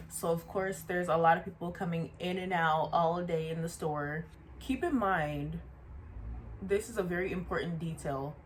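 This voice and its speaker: A woman with a somewhat low voice tells a story to her viewers in a loose, chatty way. She is animated and keeps stepping aside to point out details. A faint background hum sits under her voice. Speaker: storyteller vlogger. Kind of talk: casual storytime.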